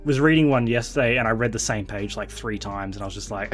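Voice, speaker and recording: A man hosting a casual chat, talking excitedly with many fillers and restarts. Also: lowish voice, fast talker, soft background music. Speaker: podcast host.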